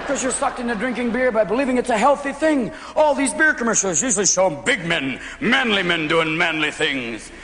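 A man performing stand-up comedy, rapid-fire and jumping into many silly voices, recorded at a live venue. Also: extremely high pitch, lively intonation. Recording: loud live audience, noisy hall reverb.

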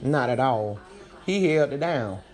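A woman hosting a podcast, giving casual commentary in an animated, slangy, chatty way, her voice swinging between loud and soft. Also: very deep voice, measured pace, faint music behind. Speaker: podcast host.

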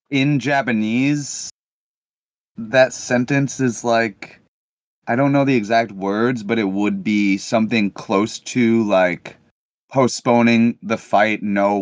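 A man's voice: lowish voice, no echo, clean studio sound. A man co-hosting a podcast, talking casually in a loose, rambling way full of fillers. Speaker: podcast co-host.

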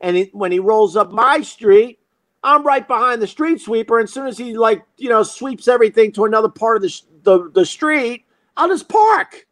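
A man's voice: sits high, fairly quick, fairly bright tone, no echo. A man telling a comic story in a profane, self-mocking monologue as host.

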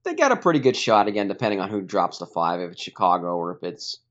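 A man calling into a sports podcast as a guest, talking through his picks in a measured, hedging way. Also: sits low, very animated. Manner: measured, hedging, thinks out loud. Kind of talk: casual sports chat. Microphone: remote call. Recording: dull remote call line.

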